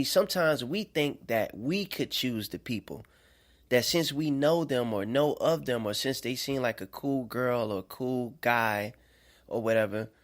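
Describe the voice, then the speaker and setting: Man preaching in a loose talky way. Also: medium pitch. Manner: conversational, checks in with listeners. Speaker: self-made preacher. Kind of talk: informal preaching monologue.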